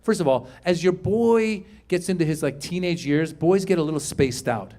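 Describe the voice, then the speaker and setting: A middle-aged man doing a stand-up comedy set, telling stories with animated delivery and squeaky put-on voices. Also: moderate pace. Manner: animated storytelling, acts out high squeaky voices. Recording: live stage mic, audience laughter. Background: audience laughter and room ambience.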